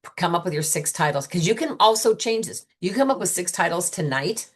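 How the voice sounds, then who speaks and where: A chatty, enthusiastic woman with a low voice talks sales consultants through a booking idea. She is middle-aged and relaxed, and she slips into quick acted-out customer chats. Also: husky. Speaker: sales trainer for beauty consultants. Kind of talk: casual coaching talk.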